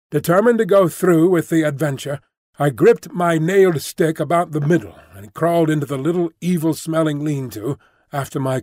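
A man narrates a novel in a measured, descriptive reading. His voice sits a little high for a man. The sound is dry and close to the mic. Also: a little mellow, no room sound. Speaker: audiobook narrator. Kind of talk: scripted narration.

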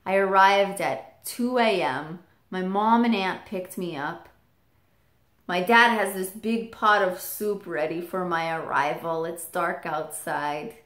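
A young woman vlogger telling a family story in a casual, animated way, acting out the people she quotes. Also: mid-range voice. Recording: echoey room.

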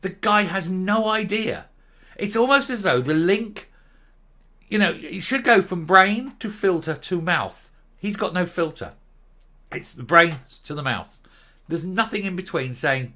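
A man's voice: a little high, very animated, moderate pace, bright, forceful tone. A middle-aged man hosting a political commentary show, ranting in a sarcastic, mocking, scornful way.

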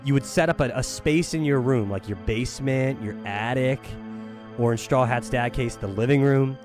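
Profane, joking man streaming a game. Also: mid-range voice. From Philadelphia area. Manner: profane, joking, rambling, humming to himself. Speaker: gaming streamer. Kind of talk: casual live-stream chat over gameplay. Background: game music.

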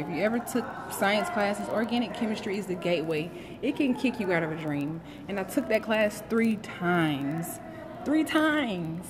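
A woman's voice: mid-range voice, noisy background. A woman, talking to viewers on a livestream at her graduation and preaching about her faith. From Florida, USA. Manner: heartfelt, preachy, greets viewers by name. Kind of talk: emotional live broadcast talk. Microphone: phone livestream. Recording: music playing behind.

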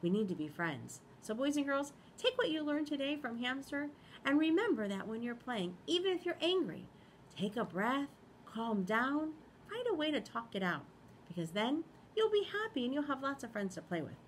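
A woman principal reading a picture book aloud to children in a school library, expressive, pausing to ask them questions. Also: high voice, a little hiss or hum.

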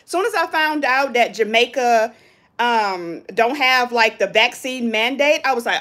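Lady doing a live stream off her phone, chatty, kinda high voice, saying hey to viewers. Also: a little slow. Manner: chatty, animated, reads viewer comments. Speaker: vlogger hosting a live stream. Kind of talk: casual live-stream chat. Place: hotel balcony by the beach.

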